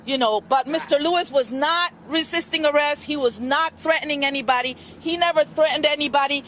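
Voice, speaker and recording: A woman's voice: high-pitched, brisk, a bit bright. A middle-aged woman gives an earnest, rambling witness statement at a press conference, with many fillers. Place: outdoor street press conference. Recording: news camera outdoors, faint street noise.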